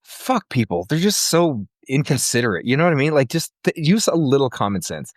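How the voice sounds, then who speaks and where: Man, podcast co-host, medium pitch, ranting story, frequent cursing, dry studio sound. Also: very animated, fairly quick, no echo. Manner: exasperated storytelling, frequent swearing. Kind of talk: casual comedic podcast banter.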